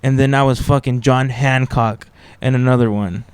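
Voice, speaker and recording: Profane, laid-back young podcast host. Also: male voice, medium pitch, moderate pace, smooth, dry recording. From raised speaking Spanish in the US. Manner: relaxed, profane, laughs often. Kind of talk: casual chat.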